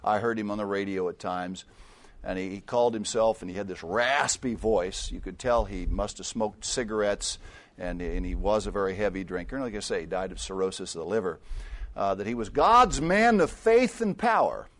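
An older man preaching a sermon, mixing personal stories with scripture, dropping to quiet asides and rising to loud emphatic peaks. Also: low voice, fairly even intonation, fairly quick.

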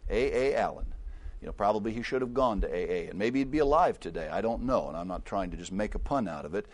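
Older preacher with a lively, swinging delivery. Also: male voice, quick pace. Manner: storytelling, swings from low asides to loud emphatic peaks. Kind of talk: sermon.

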